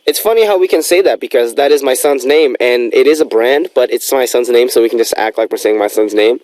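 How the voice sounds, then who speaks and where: A man's voice: mid-range voice, a little fast, a little mellow, no room sound. A young man hosting a radio show in a studio, chatting casually and rambling with lots of fillers.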